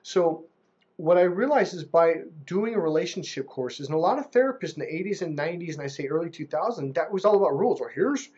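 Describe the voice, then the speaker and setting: A man giving relationship coaching in a casual monologue to camera. He talks in an animated way and mimics how other people speak. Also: fairly high pitch, quick pace, slightly rough, lo-fi sound.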